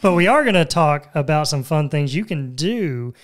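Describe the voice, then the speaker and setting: A man's voice: fairly high pitch, animated, moderate pace. Man, podcast co-host, casual chat, jokey, laughs a lot. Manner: playful, jokey, puts on spooky voice.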